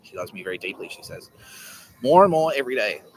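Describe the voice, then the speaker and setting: Talking to his camera in a rambling, casual monologue, a male podcast host jokes, swears and laughs a lot. He speaks fast at a medium pitch with big pitch swings, over a noisy background.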